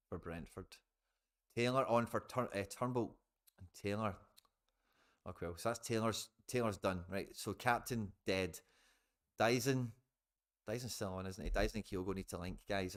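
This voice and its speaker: Scottish guy doing a live footy watchalong, lowish voice, chatty, talks to the chat like mates. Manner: chatty, swears, talks to viewers as guys. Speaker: live football watchalong streamer. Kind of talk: casual live match commentary.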